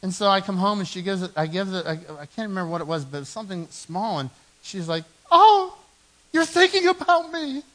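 A man in his forties preaching a sermon in a church, telling stories with animated, self-mocking humor. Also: high voice, quick pace, rough recording. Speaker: pastor. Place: church sanctuary.

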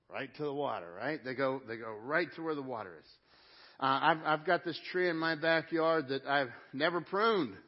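Middle-aged male pastor, fairly high voice, lively conversational sermon, dull lo-fi recording. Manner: conversational, emphatic, talks to congregation. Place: church sanctuary. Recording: dull lo-fi sound.

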